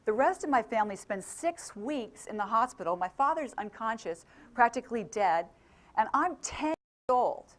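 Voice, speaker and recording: A woman's voice: a little high, sing-song, normal speed. A middle-aged woman from England giving a motivational talk to a live audience. She keeps asking the crowd questions and laughs often. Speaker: motivational speaker.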